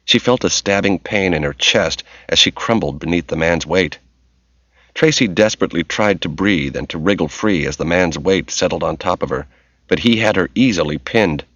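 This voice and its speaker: In a dull, lo-fi audiobook recording with no echo, a man reads a novel aloud. His delivery is scripted, steady, and measured, and his voice is low.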